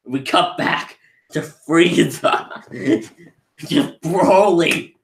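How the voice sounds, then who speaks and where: A man's voice: fairly high pitch, extremely slow, vocal fry. A man giving a casual movie review, rambling and often restarting his sentences as he laughs along. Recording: roomy echo.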